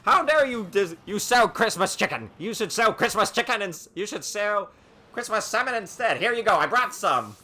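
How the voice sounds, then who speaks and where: A streamer voicing a male salmon monster villain from a TV show, scolding people in a high, loud, indignant voice. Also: expressive, a little fast, few pauses, slight background noise, heavily acted.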